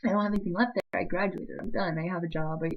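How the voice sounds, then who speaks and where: Teary young woman rambling, low husky voice. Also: fairly even intonation, highs cut off. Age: young adult. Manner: rambling, halting, laughing through tears. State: teary, emotional. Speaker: vlogger. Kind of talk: emotional vlog confession.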